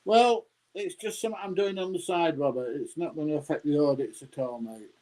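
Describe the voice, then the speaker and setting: A man's voice: fairly high pitch, fairly quick, mellow, poor audio. A man, rambling casually as he answers his viewers' live chat and calling them mate. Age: 60s. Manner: rambling, chatty, laughs often, says mate.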